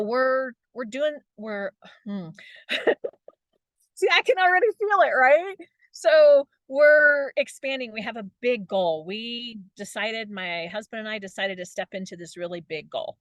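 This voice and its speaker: A woman's voice: medium pitch, normal speed, no echo. A middle-aged woman giving a motivational talk as a coach, chatty, laughing often and tagging her points with "right?".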